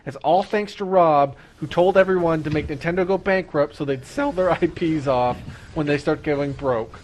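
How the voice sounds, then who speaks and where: A young man streaming, ranting about games in an excitable, profane, fast-talking way. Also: fairly high pitch, slight background noise. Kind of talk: ranting gaming stream chat.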